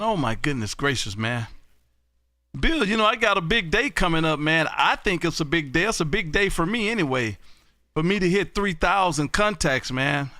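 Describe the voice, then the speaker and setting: A man hosting a ham radio show, calling CQ and chatting loudly and folksily with callers. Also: a little high, no room sound, studio quality. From Texas. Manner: loud, folksy, drawn-out exclamations. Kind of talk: casual on-air radio chat.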